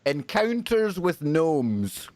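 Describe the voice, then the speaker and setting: A man hosting a paranormal talk show, bantering in a chatty, jokey, energetic way. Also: a little high, drawn-out words, no room sound. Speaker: radio and stream host.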